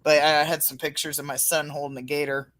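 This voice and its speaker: A woman's voice: low voice, flat delivery, a little fast, fairly bright tone, no room sound. A woman hosting a casual livestreamed podcast, reading out and answering chat comments. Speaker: podcast host.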